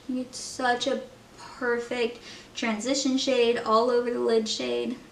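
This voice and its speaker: A young woman talks in a chatty, heartfelt way while doing her makeup, peppering her talk with fillers. Her voice sits a little high. She is set back from the camera mic in an echoey room at home. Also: level tone, takes it slowly, gravelly, recorded from a distance, slight background noise. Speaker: beauty vlogger.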